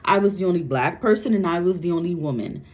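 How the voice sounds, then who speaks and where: A woman's voice: fairly low pitch, fast talker. A woman, a psychic medium, talking casually to camera in a blunt, repetitive way and cursing freely. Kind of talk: casual spoken reading to camera. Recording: dull lo-fi recording.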